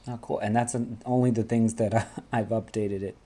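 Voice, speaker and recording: This host of a laid-back sports fan show has a fairly low, steady, mellow voice. He banters with friends, laughing, swearing freely, and tossing in quick asides.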